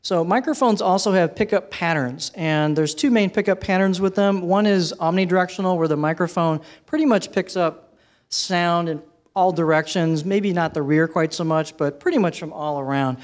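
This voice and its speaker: A man presenting a live workshop on using microphones, talking in a relaxed, conversational way and asking his audience questions while he switches between handheld and headset mics. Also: high-pitched, normal speed. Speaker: presenter teaching microphone technique. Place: presentation room with a sound system. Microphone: handheld and headset microphones, switched during demo.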